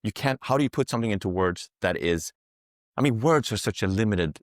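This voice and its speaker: A man who works as a psychedelic guide talks casually on a podcast, explaining things through long, rambling metaphors and swearing freely. His lowish voice is expressive and brisk, with a clean studio sound and no room sound.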